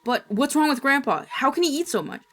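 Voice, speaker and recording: A woman's voice: high voice, big pitch swings, fairly quick, a bit bright, pitched above the performer's own voice. A woman voicing a nervous young grandson, asking hesitant, anxious questions. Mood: pleading. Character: nervous young grandson, uneasy teen boy.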